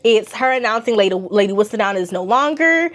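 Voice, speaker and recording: A young woman chatting casually in a slangy, animated way. She laughs often as she talks. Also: medium pitch, a little fast. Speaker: vlogger reviewing a TV series. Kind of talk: casual chat.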